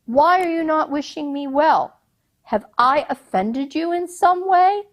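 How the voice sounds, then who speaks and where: A woman's voice: sits high, animated, unhurried, pitched above the performer's own voice. A woman storyteller voicing a proud Sultan who speaks grandly and coaxes in an imperious way. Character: proud, commanding Sultan, a ruler.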